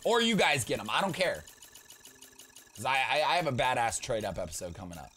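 Young male gaming YouTuber, casual rambling commentary, bright and very animated delivery. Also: mid-range voice, fairly quick. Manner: rambling, joking, swings into loud playful outbursts.

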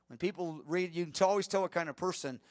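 A man preaching a sermon as a Bible teacher, telling the story with animated swings from soft to emphatic. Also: high voice, quick pace, no room sound, studio quality.

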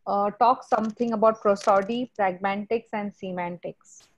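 A woman's voice: medium pitch, steady tone, normal speed. A woman moderating a webinar over a video call, putting questions to the speaker on behalf of the audience. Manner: questioning, relays audience queries. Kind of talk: asking questions. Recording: muffled call audio.

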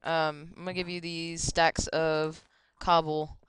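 A woman's voice: deep voice, flat delivery, measured pace, a little hiss or hum. A woman streaming a game, chatting casually with friends and laughing often. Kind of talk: casual gaming chat.

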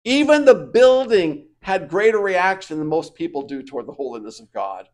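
Pastor, man, fairly high voice, preaches in surges from hushed to booming. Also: very animated, normal speed. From United States. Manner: swings from quiet reflection to loud emphatic preaching. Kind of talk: sermon.

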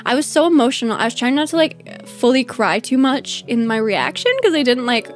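A woman's voice: sits high, a little fast. A woman streaming a game in casual commentary, bubbly and gushing, laughing often. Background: faint game music.

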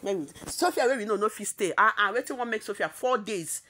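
Animated Nigerian woman gossiping. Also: medium pitch, a little fast. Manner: emphatic and repetitive, often laughing. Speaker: celebrity gossip vlogger. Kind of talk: casual gossip commentary.

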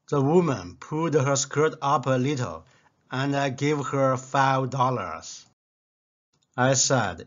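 Man, Chinese native speaker, deadpan joke telling, unhurried, muffled sound. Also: mid-range voice. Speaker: joke teller.

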